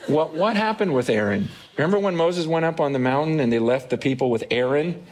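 A man's voice: on the high side, animated, a little fast, a crowd in the background. Earnest, conversational male preacher. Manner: conversational and earnest, with frequent repeated words. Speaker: pastor. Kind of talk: sermon. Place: in front of a congregation.

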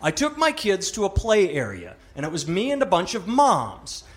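A man performing a stand-up comedy set, mocking and animated, acting out the voices of other people. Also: high voice, normal speed, breathy edge.

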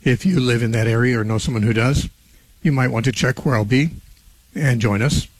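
A man hosting a live call-in radio show, speaking in an unhurried, conversational way, his voice a little rough and not yet warmed up. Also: mid-range voice, fairly even intonation, no echo. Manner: unhurried, conversational, clears throat often. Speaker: radio talk show host.

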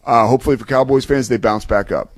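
A man's voice: medium pitch, fast talker, dry recording. Casual man talking football, dry sound. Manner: conversational, filler-heavy, repeats words when starting. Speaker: sports talk co-host. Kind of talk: casual sports talk analysis.

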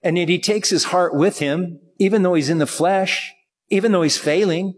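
A man preaching a sermon in a church, talking to the congregation in a conversational way and slowing down to read scripture. His voice sits a little high and sounds husky. It carries the long reverb of a large hall. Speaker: pastor.

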